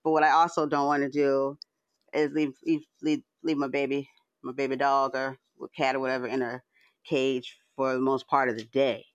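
A man's voice: mid-range voice, little pitch movement, moderate pace, dry recording, lo-fi sound. A man hosting a livestream from home, chatting in a loose, rambling way that keeps restarting words, swearing freely. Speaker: livestream host. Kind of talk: casual rambling monologue. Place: at home, indoors.

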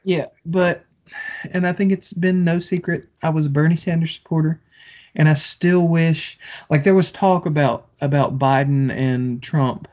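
A man's voice: a little high, fairly even intonation, moderate pace, a little mellow. A man co-hosting a podcast, ranting about politics in a casual, profane and passionate way with lots of restarts after a few drinks. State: has been drinking. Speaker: podcast co-host. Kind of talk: heated casual political rant. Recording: dull lo-fi podcast audio.

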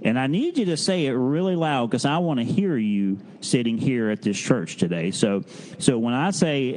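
Children's time leader at church; man, folksy and halting, draws the kids in. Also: medium pitch, lively intonation, a little mellow. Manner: folksy and halting, with frequent restarts, coaxing kids to respond. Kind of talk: children's sermon. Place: church service.

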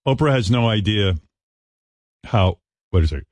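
A man hosts a radio talk show from a dry, close-miked studio. His pitch swings freely as he jokes crudely and riffs on whatever comes up. He sounds loose and irreverent. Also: unhurried, no room sound. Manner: crude, joking, animated. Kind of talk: casual radio banter.

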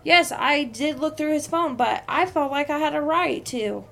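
A young adult woman hosting a podcast vents through a heated workplace story in a casual monologue, swearing heavily. Her voice is high-pitched, creaky and fairly bright at a moderate pace.

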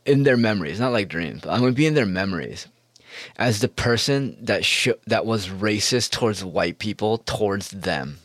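Guy ranting on his own podcast, kinda low voice, swears a lot, dry close sound. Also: no echo. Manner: profane, rambling, sarcastic. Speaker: podcast host. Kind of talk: solo podcast monologue.

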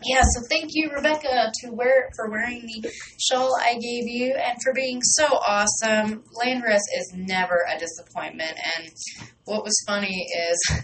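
A woman's voice: on the high side, fairly even intonation, normal speed, a bit bright. A bubbly young woman hosting a local radio show, rambling and gushing with plenty of "um"s. She sits a bit back from the mic, so her voice sounds distant. A faint background hiss runs under her voice. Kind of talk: casual radio chatter. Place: small radio studio.

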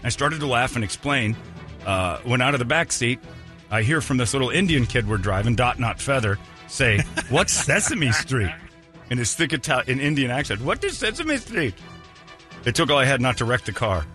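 Over faint music in a radio studio, a man hosting a morning show banters casually with his co-hosts into a studio microphone. His mid-range voice is expressive, bright and forceful, a little fast, and he laughs often and slips into impressions.

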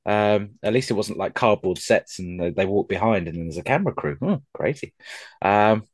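A man's voice: lowish voice, lively intonation, normal speed, no room sound. A young man hosting a casual podcast, rambling with many ums and restarts, self-deprecating. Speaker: podcast host.

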